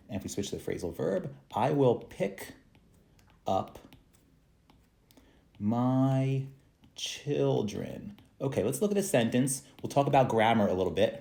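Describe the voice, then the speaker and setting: A man, an English speaker, teaching a slow, patient grammar review full of repeated example sentences. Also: fairly low pitch, mellow.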